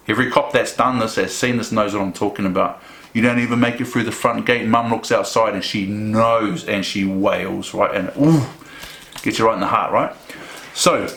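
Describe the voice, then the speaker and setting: A middle-aged New man talks frankly through audience questions, slipping into short acted bits of dialogue. His voice sits at an everyday pitch, and the room carries a clear echo around it. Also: fairly bright tone. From New Zealand. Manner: frank, conversational, acts out quoted dialogue. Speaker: speaker answering audience questions. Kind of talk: Q and A talk at a summit. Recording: roomy echo.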